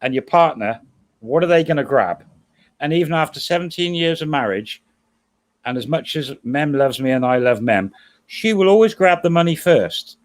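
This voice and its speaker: A man's voice: fairly high pitch, expressive, moderate pace. Middle-aged man, rambling chat. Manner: rambling, self-correcting storyteller. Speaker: co-host guest. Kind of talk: casual livestream chat.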